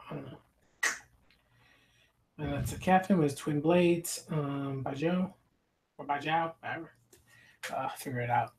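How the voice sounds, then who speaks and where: Profane, excitable man reacting to manga. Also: fairly high pitch, unhurried, long pauses, slight background noise. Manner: blunt, profane, excitable commentary; unsure about names, trails off into fillers. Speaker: manga reader and commentator. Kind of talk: casual manga read-through with reactions.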